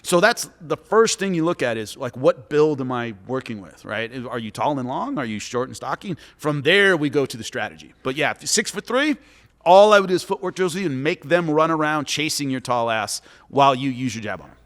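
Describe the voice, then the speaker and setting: A man, a former fighter and commentator, giving coaching advice and telling lively stories in a podcast chat, acting out what people said. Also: mid-range voice, fairly quick. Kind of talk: animated storytelling in a podcast chat. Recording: long hall reverb.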